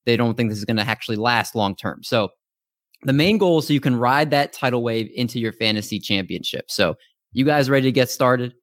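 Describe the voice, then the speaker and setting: A man's voice: mid-range voice, lively intonation, fairly quick, dry recording, clean studio sound. A man hosting a podcast, chatting casually with upbeat, hyped introductions over a remote call mic. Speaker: podcast host.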